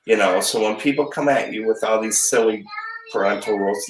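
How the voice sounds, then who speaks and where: A man's voice: fairly low pitch, a little fast, echoey room, poor audio. A middle-aged man and dad chatting casually from his home kitchen, rambling and jokey as he tells stories. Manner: rambling, animated, jokey storyteller. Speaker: chef and dad guest. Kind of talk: casual chat.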